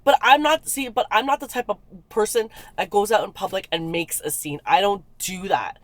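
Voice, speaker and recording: Podcast co-host, woman; animated storyteller, close and dry. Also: medium pitch, moderate pace, dry recording. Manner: animated storytelling, acts out quotes. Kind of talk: casual chat.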